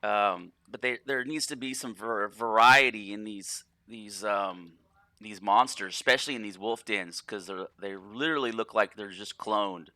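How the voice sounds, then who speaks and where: A man's voice: on the low side, moderate pace, pushed and bright, dry recording. A man casually commenting on his gameplay in a rambling, profane way, often repeating and restarting words. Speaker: gaming channel host.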